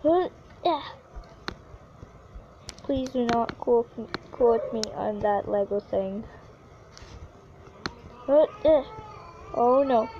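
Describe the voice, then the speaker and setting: A woman giving casual, excitable commentary on her own gameplay, yelping whenever she falls. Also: on the high side, extremely slow, long pauses, dull audio, noisy background. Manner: chatty and excitable, yelps when falling. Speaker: gaming YouTuber.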